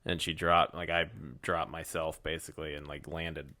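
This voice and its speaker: A man's voice: extremely low pitch, flat delivery, normal speed, bright, forceful tone. A young man co-hosting a podcast, chatting casually, rambling and joking with frequent laughs. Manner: rambling, jokey, laughs often. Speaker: podcast co-host. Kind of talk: casual chat.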